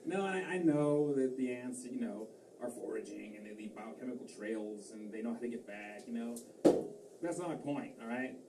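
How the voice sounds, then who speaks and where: A man's voice: mid-range voice, moderate pace, noisy background. A man doing a stand-up comedy set, rambling and self-deprecating, with lots of fillers and restarts. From Massachusetts. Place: comedy club stage. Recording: roomy club sound from a distance, faint crowd ambience.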